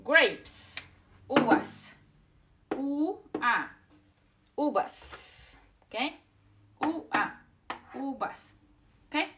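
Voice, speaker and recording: A woman's voice: high voice, expressive, very slow, pauses often, noisy background. A young woman whose first language is Spanish, teaching a beginner language lesson and patiently drilling each vowel and word over and over.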